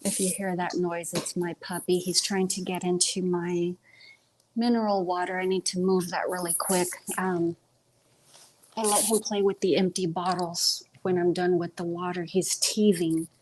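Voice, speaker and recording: A woman's voice: fairly low pitch, little pitch movement, moderate pace, darkish tone, poor audio. Woman, live stream host, casual rambling chat, stumbles over words, earbud mic, faint background noise. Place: home.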